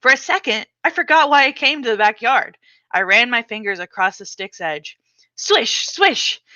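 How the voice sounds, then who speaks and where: Casting: a woman author reading her memoir aloud with a bright, crisp voice, expressive and dramatic, on a slightly dull recording. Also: a little high, a little fast, no echo.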